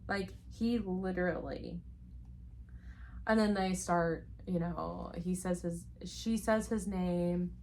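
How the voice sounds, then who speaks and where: Slow, gushing woman book reviewer. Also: on the low side, darkish tone, a little hiss or hum. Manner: gushing, rambling, full of "like" fillers. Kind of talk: casual spoiler book review.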